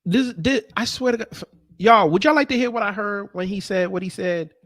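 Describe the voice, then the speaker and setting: A man's voice: high voice, brisk, a bit bright, no echo, studio quality. A man reacting to clips in casual commentary, sarcastic and exasperated, stammering through restarts. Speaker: commentary vlogger.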